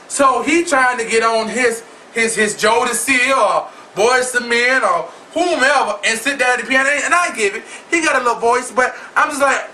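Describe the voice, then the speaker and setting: A man's voice: extremely high pitch, animated, moderate pace, sharp tone, far from the mic, slight background noise, low-quality recording. A man hosting his own video blog, delivering a sassy, flamboyant and profane celebrity gossip rant straight to his viewers. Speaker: vlog host.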